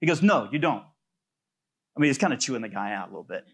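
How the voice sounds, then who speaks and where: A pastor preaching a sermon in a loose, conversational way, telling stories with plenty of fillers. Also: male voice, lowish voice, lively intonation, very fast, vocal fry. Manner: conversational storytelling with many fillers.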